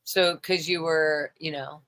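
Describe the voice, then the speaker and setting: A woman's voice: low voice, fairly even intonation, slow pace, a bit bright. A woman hosting a casual chat, asking curious questions in a chatty way and swearing now and then. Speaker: podcast host.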